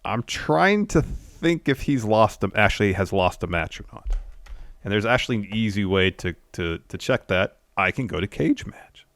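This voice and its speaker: A man's voice: on the low side, expressive, moderate pace, a bit bright, dry recording. A man co-hosting a podcast, recapping a wrestling show in a laid-back, plain way. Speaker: podcast co-host. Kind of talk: casual wrestling recap chat.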